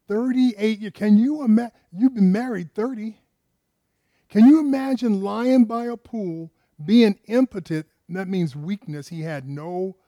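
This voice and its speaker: Guy preaching casually, lots of questions to the crowd, repeats himself, kinda high voice. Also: mellow, no room sound, clean studio sound. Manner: asks the listeners rhetorical questions; repeats words and restarts phrases. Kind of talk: conversational sermon.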